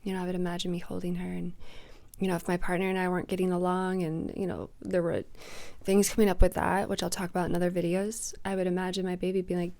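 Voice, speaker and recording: A woman talks in a casual vlog about her coaching practice with a low, gravelly voice. Her delivery stays flat and steady. She speaks softly and sometimes slips into a whisper. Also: fast talker. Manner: soft-spoken, drops to a whisper at times. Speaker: manifestation coach. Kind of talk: casual reflective vlog talk.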